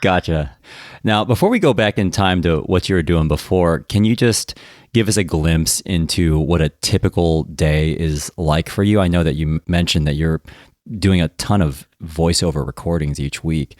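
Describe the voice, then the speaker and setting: A man's voice: deep voice, moderate pace, darkish tone, dry recording, clean studio sound. An American man hosting an interview podcast, asking curious, encouraging questions. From United States. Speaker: podcast host.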